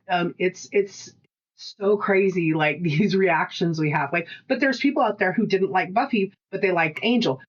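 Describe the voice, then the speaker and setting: Heard in lo-fi sound, a mid-range female voice belongs to a casual podcast co-host. She tells her stories animatedly, cursing a lot and acting out the quotes.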